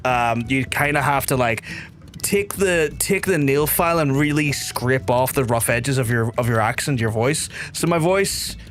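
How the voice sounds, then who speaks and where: A young man from Belfast with a softened Belfast accent, chatting and rambling to his viewers while he streams a game. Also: mid-range voice, a little slow, faint music behind. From Northern Ireland. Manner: rambling, chatty, reads chat aloud. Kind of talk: casual game stream chat.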